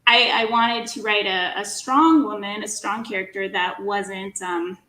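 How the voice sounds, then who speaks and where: A woman's voice: mid-range voice, a little slow, pushed and bright, roomy sound, low-quality recording. A woman guest author chatting casually in an interview, giggly and self-deprecating.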